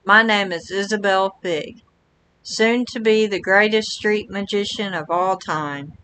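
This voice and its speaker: A woman's voice: mid-range voice, a little slow, a bit bright, a little hiss or hum, lightly acted, low-quality recording. A woman reading out a gushing young female street magician in a flowery, overly sweet manner. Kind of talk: reading game dialogue aloud.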